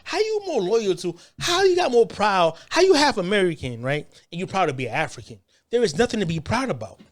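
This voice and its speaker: A man giving crude, mocking reaction commentary on video clips, laughing often. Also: sits high.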